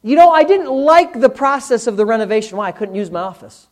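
A man's voice: extremely high pitch, lively intonation, fairly quick. Candid, conversational male preacher. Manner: candid, conversational preaching with swings from loud to hushed. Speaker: pastor. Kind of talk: sermon. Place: church in front of a congregation.

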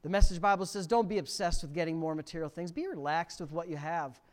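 A middle-aged male pastor preaching a sermon, swinging from quiet reading to near-shouted emphasis. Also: a little high, quick pace. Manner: preaching with sudden loud rises to near shouting.

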